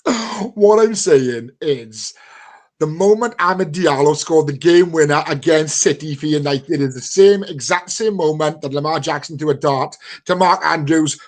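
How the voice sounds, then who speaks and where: High-voiced lively male podcast host. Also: moderate pace. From United Kingdom. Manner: lively, showman-like introductions. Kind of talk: casual podcast banter.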